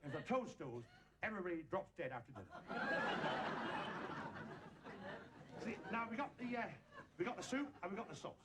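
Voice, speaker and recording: A man's voice: sits high, very animated, measured pace, pauses often. A man doing comic stage patter for an audience, bumbling and giggling at his own jokes in mock exasperation, heard on an old TV recording. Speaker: stage comedian and magician. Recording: old TV recording with loud background noise. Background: audience laughter.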